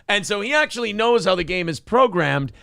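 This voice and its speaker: A man's voice: high-pitched, big pitch swings, brisk, gravelly, pushed and bright, no echo, studio quality. A man hosting a morning talk show, sarcastically mocking a streamer's rage while laughing often. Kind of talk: mocking casual commentary.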